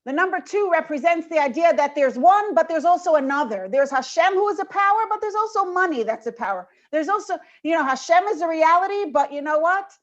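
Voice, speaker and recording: A woman with a high voice leads a women's panel, talking informally and animatedly about Torah ideas. The audio has the dull, lo-fi sound of a video call. She tells her points like a storyteller. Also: expressive, a little fast, hardly any pauses. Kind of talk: informal Torah talk with a joke.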